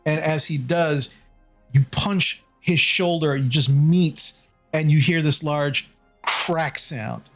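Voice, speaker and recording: A man's voice: on the high side, slow pace, a bit bright, soft background music. A man narrating as game master in a casual tabletop game, describing the action loosely with many fillers.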